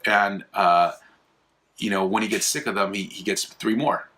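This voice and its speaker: A young man hosting an apologetics channel, talking casually in a rambling way with many fillers and restarts, and animated when he retells a story. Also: lowish voice, moderate pace. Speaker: host of an apologetics video channel. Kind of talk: casual explainer monologue.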